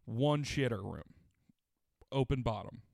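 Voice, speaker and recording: A man's voice: medium pitch, a little slow, gravelly, darkish tone, dry recording. A man in casual chat, telling a rambling, profane story and laughing often as he goes. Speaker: podcast co-host telling a story.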